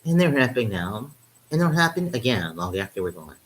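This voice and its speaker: This vlogger speaks briskly in a mid-range, sing-song voice, captured on poor audio. Indoors in Europe with a glass of wine, he delivers a loose comedic monologue to camera, full of "um" and his own chuckles.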